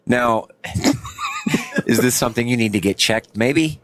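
A man's voice: mid-range voice, measured pace, a bit bright, a little hiss or hum. A man in his late forties hosting a casual podcast, rambling and laughing as he tells stories. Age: 40s. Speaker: podcast host, comedian.

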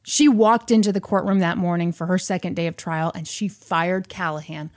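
A woman casually retelling a film's plot to a friend, acting out the characters' lines in quick asides. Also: lowish voice, steady tone. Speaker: podcast host retelling a film plot. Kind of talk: casual storytelling chat.

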